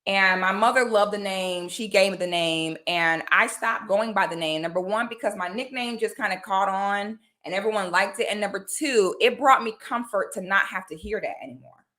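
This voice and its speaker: Bright-voiced blunt woman vlogger. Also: medium pitch, moderate pace, hardly any pauses. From Florida. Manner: blunt, emphatic, says "okay?" often. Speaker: commentary vlogger. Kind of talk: casual direct-to-camera talk.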